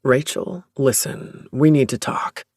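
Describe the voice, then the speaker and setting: A narrator voicing Noah, a gentle deep-voiced man. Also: slow, dry recording, clean studio sound. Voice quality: smooth, deep voice. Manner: warm, considerate, reassuring. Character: gentle young man, proud home brewer. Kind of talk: audiobook narration.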